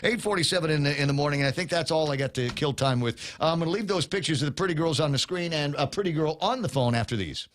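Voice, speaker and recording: A middle-aged man hosting a morning radio show, his voice a bit high for a man. He rambles in casual banter, tripping over fillers and restarts as he jokes along. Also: expressive, quick pace, few pauses.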